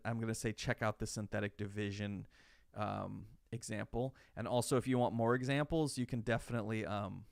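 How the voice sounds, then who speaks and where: A man's voice: lowish voice, vocal fry, no room sound, studio quality. A man teaching a college math class in a chatty, digressive way, full of rhetorical questions. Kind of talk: live online lecture.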